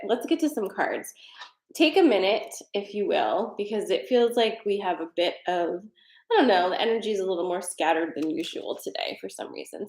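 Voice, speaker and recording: Chatty woman host in an echoey room. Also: mid-range voice. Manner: chatty, rambling, many fillers. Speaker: host of a tarot and energy livestream. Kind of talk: casual chat and guided breathing.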